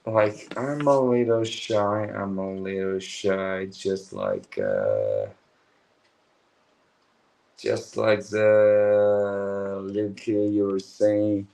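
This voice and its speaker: A man's voice: fairly low pitch, creaky, darkish tone, poor audio. A young man, chatting casually and slangily on a late-night livestream, sleepy and swearing now and then. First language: Chinese. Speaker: livestream host.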